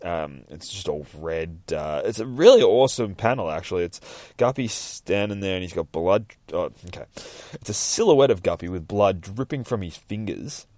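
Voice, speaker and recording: A man hosting a podcast, casually recapping a comic book, excitable and swearing freely. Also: deep voice, normal speed, dry recording. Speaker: podcast host.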